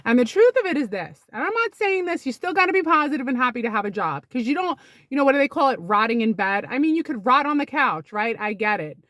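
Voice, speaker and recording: With big pitch swings and a fast delivery, this middle-aged comedian tells stories in a casual, chatty monologue and acts out the quoted dialogue. Her high-pitched voice has a fairly bright tone and no echo.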